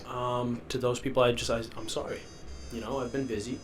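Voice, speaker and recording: A man's voice: medium pitch, flat delivery, fairly quick. Young man, sick and sniffly, loopy rambling, self-deprecating, basement podcast, faint background hum. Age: young adult. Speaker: podcast host. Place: rented house basement.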